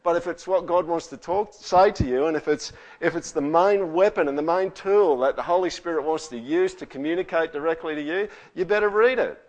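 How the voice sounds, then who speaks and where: A man's voice: on the high side, a little fast, hardly any pauses, highs cut off. Man, pastor giving a casual, conversational sermon. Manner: conversational, with frequent rhetorical tags.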